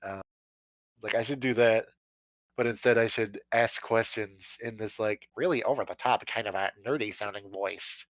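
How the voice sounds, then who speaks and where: A man's voice: fairly low pitch, moderate pace, a bit bright, no echo, low-quality recording. Profane, giggly man on a dry mic. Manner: rambling, profane, laughs often. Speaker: guest musician. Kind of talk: casual podcast chat.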